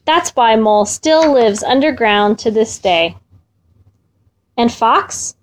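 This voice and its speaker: Woman storyteller, high voice, slow children's read-aloud, gentle and expressive. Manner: gentle, expressive, drawn-out repetitions. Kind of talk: reading a children's folk tale aloud.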